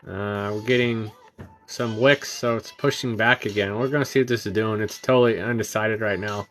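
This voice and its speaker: Late at night, a man runs a trading livestream, working through charts in a relaxed, halting manner full of ums and uhs while greeting viewers in chat. He sounds tired and yawns, his voice lowish, with faint music playing behind him.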